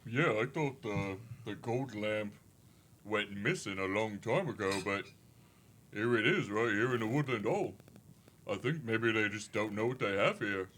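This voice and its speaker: A lower-voiced man laying out a plan to his tabletop group in a measured, reasoning way. A faint hiss sits under his voice. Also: fairly bright tone. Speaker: tabletop game player. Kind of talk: in-character party discussion.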